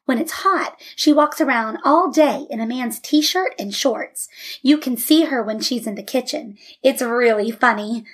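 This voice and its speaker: A woman voicing an excited, chatty little girl in a storybook reading. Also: fairly high pitch. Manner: eager, quick chatter.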